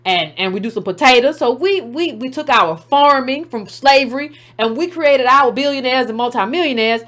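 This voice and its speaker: A woman with a high voice delivers an opinionated commentary monologue as host of her own show. She argues emphatically, fires off rhetorical questions and slips into mocking impressions of others. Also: lively intonation, moderate pace, a bit bright.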